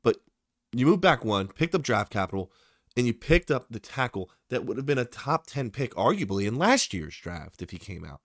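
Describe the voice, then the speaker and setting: A man's voice: mid-range voice, moderate pace, no echo, studio quality. A man giving casual, opinionated commentary on football draft picks, talking straight to his viewers, tired late at night. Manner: opinionated, excitable, talks to the viewer. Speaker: sports YouTuber.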